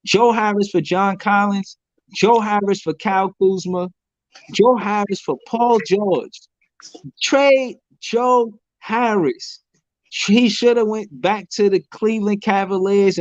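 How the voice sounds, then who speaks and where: A man's voice: high-pitched, no echo, highs cut off. A man hosting a casual sports talk show, slangy and emphatic, hammering the same points over and over. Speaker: sports podcast host. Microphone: phone.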